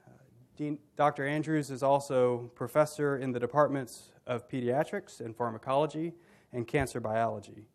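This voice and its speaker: A middle-aged man, a minister, hosting a university dialogue event. He gives a formal, measured introduction with a touch of dry humor. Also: mid-range voice, steady tone.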